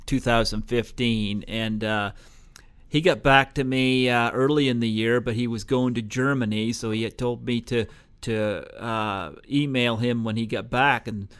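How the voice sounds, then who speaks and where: A man's voice: mid-range voice, steady tone, unhurried, a bit bright, clear, resonant tone, dry recording. Hesitant male podcast host, dry sound. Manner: hesitant, with many "uh"s and restarts. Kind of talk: casual interview chat.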